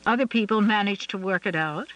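A man's voice: sits high, fairly quick, a bit bright, dull audio. A man voicing a tired woman who answers advice with dry irony. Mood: wry. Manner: dry, ironic. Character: weary, wry woman with an illness.

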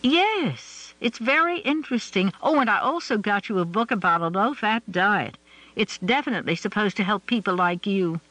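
Guy doing a chatty pushy lady cousin, high bright voice, always pressing advice. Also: lively intonation, normal speed, no room sound, poor audio. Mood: eager. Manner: bubbly, insistent. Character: chatty eager woman cousin, pushy helper.

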